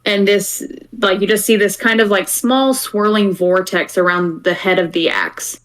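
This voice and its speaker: A woman's voice: mid-range voice, fairly even intonation, a little slow, fairly bright tone, rough recording. A woman narrating a tabletop game as game master, chatty and rambling, with many fillers and giggles.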